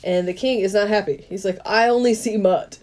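A woman podcast co-host casually retelling a movie's plot, laughing often and acting out the characters' lines. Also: mid-range voice. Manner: animated storytelling, quick to laugh, acts out quoted lines.

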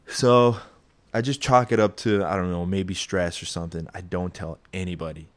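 A young man telling a personal story in a casual, rambling, profane way, getting animated as he retells it. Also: low-pitched, moderate pace.

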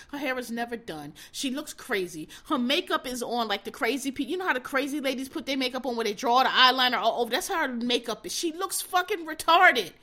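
Female commentator, bright and fairly high, loose profane storytelling. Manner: animated, profane storytelling with acted-out quotes. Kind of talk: casual commentary.

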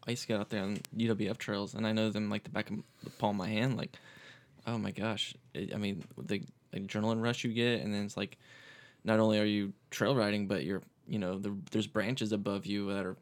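A young man, a drummer, chatting in a relaxed, easygoing way. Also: on the low side, brisk. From Pensacola, Florida. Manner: laid-back, easygoing, laughs often. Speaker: guest drummer. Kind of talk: casual podcast chat.

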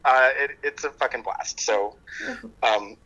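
A man's voice: mid-range voice, a little slow, bright, forceful tone. A man called in as a guest on a phone line, talking in an effusive, laughing, casually profane way. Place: at home. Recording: phone line with faint hiss.

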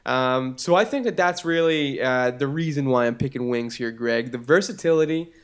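With a clean, mid-range voice at a moderate pace, a young Boston-accented podcast co-host chats casually. He's animated and rambling, dropping in plenty of fillers.

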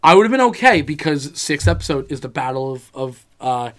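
A man in casual chat about a TV series, animated and swearing heavily as he acts out his own reactions. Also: a little high, a little fast.

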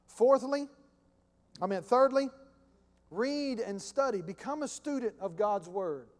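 High-voiced preacher in a ringing hall. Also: male voice. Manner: emphatic, repetitive, conversational preaching. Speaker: pastor. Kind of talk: sermon. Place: church.

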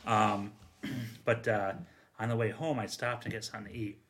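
A firefighter and former union president telling casual stories on a podcast, rambling and acting out the dialogue. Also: male voice, lowish voice, fairly even intonation, moderate pace, a bit bright. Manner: rambling anecdotes, acts out quoted dialogue.

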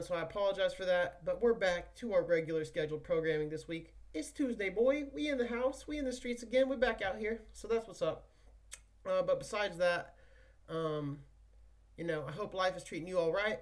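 A young man hosting his own podcast, rambling in a profane, slangy, hyped way. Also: high-pitched. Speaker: podcast host. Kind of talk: casual solo podcast chat.

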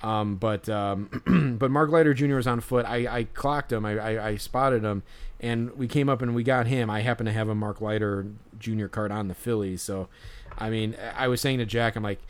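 Young guy on a podcast, smooth clear voice, rambles with tons of ums and restarts. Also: lowish voice, fairly even intonation, moderate pace. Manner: rambling, many fillers and restarts, laughs along. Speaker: podcast host. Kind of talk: casual storytelling chat.

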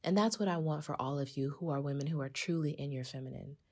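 A woman's voice: low voice, quick pace. A woman hosting a podcast, talking casually and with animation to her listeners. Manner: animated, conversational, addresses listeners as sis. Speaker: podcast host.

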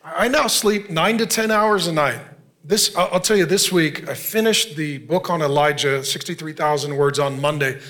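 A man in his fifties, a pastor preaching an earnest, conversational sermon with quick asides. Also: fairly high pitch, fairly bright tone. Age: 50s.

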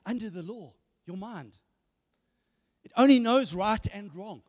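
A man preaching a sermon, animated, often repeating words and asking rhetorical questions. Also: high-pitched, measured pace. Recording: hall reverb.

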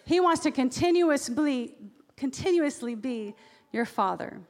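A woman pastor giving a sermon in a church, lively and acting out the voices she quotes. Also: high voice, measured pace. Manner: animated, acts out quoted voices. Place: church sanctuary. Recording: long reverb of a large hall.

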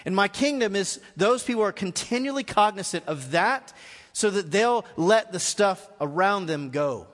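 A man preaching a live sermon as pastor, earnest, dropping to quiet scripture reading and rising to urgent appeals. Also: high voice, expressive, moderate pace. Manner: earnest, shifts between quiet reading and raised exhortation. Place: large church hall. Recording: live hall reverb.

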